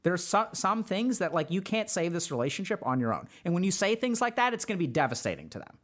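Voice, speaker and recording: A man's voice: sits high, big pitch swings, fast talker, a bit bright. A man hosting a podcast as a mental health doctor, talking through relationship advice in an earnest, conversational way with many fillers. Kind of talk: casual advice talk.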